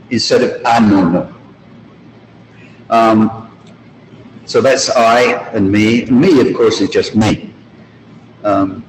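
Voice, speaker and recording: Guy teaching a language class real slow, repeats phrases, echoey hall sound. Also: mid-range voice, slight background noise. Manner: deliberate, repeats example phrases slowly. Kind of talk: slow explanatory lesson. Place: school room or video call. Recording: roomy hall with faint ambience.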